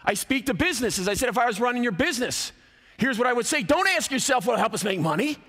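A man in his fifties delivers a chapel sermon with a high, bright voice that swings widely from peak to hush. He speaks emphatically, rising hard on key phrases, and the long reverb of a large hall trails each line. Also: lively intonation, fast. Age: 50s. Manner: emphatic, preacherly, rising and dropping for effect. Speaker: college athletic director and speaker.

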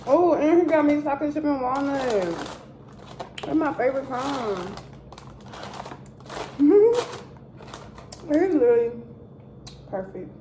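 A woman vlogger chatting casually to camera, animated and talkative. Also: high-pitched, moderate pace, long pauses, reverberant, a little hiss or hum. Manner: chatty, animated, addresses viewers as y'all. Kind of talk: casual vlog chat to camera.

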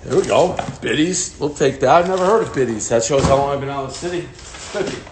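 A man's voice: mid-range voice, fast talker, noisy background. A man giving profane, jittery running commentary as he unboxes packages on a casual livestream. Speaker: host unboxing fan mail.

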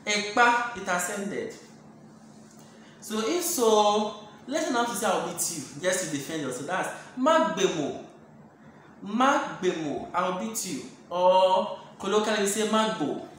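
A speaker from Ghana, a Dangme-speaking language teacher giving an online lesson, repeating each phrase slowly and explaining patiently. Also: medium pitch, very animated. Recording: very echoey room, faint hiss.

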